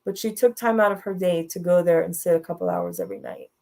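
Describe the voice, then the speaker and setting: A woman's voice: fairly low pitch, fast, gravelly, a little mellow. A middle-aged woman telling a personal story as a talk show guest, frank and direct, laughing now and then through hard moments.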